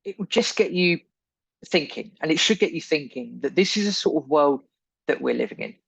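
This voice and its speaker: A man's voice: on the high side, animated, fairly quick, creaky, slightly rough, no room sound, poor audio. A man hosting a podcast, delivering an indignant, emphatic opinion monologue full of repeated phrases. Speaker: podcast host.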